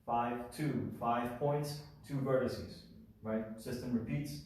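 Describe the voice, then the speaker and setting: A man talks through a geometry lesson in an informal, thinking-aloud style. His voice is dark and mellow. He sits back from the mic in a very echoey room. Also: medium pitch, fairly even intonation, slow, far from the mic, slight background noise. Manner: thinking aloud, self-correcting, informal asides. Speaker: math video teacher. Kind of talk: casual whiteboard explanation.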